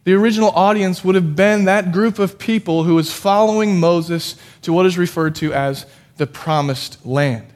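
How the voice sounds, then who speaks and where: A man's voice: high-pitched, moderate pace, a little mellow. A man preaching a casual, conversational sermon as a pastor, self-deprecating and prone to restarting his sentences.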